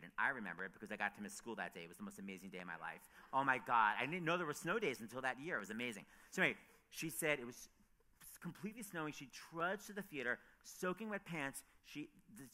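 A man on stage at a festival, telling excited, gushing anecdotes and acting out the people he quotes. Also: medium pitch. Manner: gushing, excitable, quick asides, acts out quotes. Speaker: author and radio host speaking at a festival. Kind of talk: animated anecdotal storytelling on stage.

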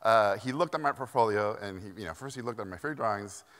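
A man from Mexico giving a keynote talk, telling lively stories with frequent laughter, on a stage microphone. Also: fairly low pitch, fast talker. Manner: lively, animated anecdotes, laughing often. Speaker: keynote speaker. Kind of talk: storytelling keynote. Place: conference hall stage. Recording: echoey conference hall.

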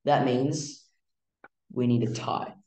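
A man teaching music theory in a casual, halting way, with many fillers and restarts. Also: mid-range voice, mellow, reverberant, poor audio. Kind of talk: casual explanatory lesson.

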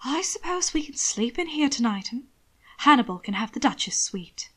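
A gentle young nobleman speaks in a dry, wry way in a read-aloud story, as a woman puts him on. His words are mild and quietly amused. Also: sits high, big pitch swings, normal speed, husky, voice pushed up, full character voice. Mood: hushed.

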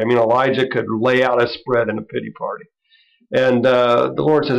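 A man teaching a Bible study in a loose, conversational style, with many asides and light chuckles. His voice is gravelly, and the recording sounds dull and lo-fi. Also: mid-range voice, steady tone, normal speed. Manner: conversational, chuckling, lots of "you know". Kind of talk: informal Bible lesson.

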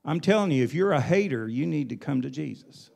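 A man's voice: a little high, animated, brisk, vocal fry, darkish tone. A male pastor preaching a sermon in an emphatic, folksy way, with colloquial asides.

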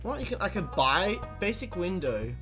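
Brief: lively let's play host, chatty and exclamatory, game music underneath. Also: medium pitch, moderate pace. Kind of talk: casual gameplay commentary.

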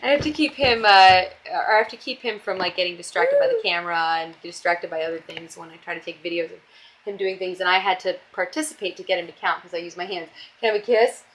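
A woman's voice: on the low side, lively intonation, quick pace, fairly bright tone. A young woman vlogging casually at home as a mom, chatty and doting, often stopping to coax her toddler.

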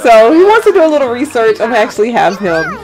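A woman's voice: fairly high pitch, sing-song, a little fast. A woman giving chatty, giggly let's-play commentary on a life-simulation game, talking straight to her viewers.

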